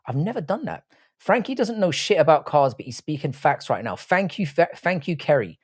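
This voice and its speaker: A young man hosts a casual live stream, his voice swinging lively up and down as he talks. He teases his viewers with crude, swear-heavy banter. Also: on the high side, normal speed, husky. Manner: crude, teasing, swears freely. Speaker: livestream host reading chat.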